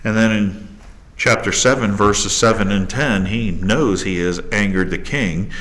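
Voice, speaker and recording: Man, pastor preaching, animated, acts out quotes, church. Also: lowish voice, measured pace. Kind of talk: sermon. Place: church sanctuary.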